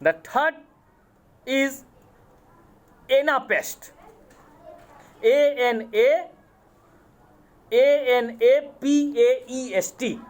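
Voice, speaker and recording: A man with an Indian accent, a college English lecturer giving a lecture, speaking deliberately, repeating terms and spelling words out letter by letter. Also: very high-pitched. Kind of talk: classroom lecture on poetic meter.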